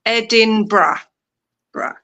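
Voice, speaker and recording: A woman's voice: a little high, slow pace, pushed and bright. A woman chatting as co-host on a livestream, joking and lightly exasperated. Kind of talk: casual livestream chat.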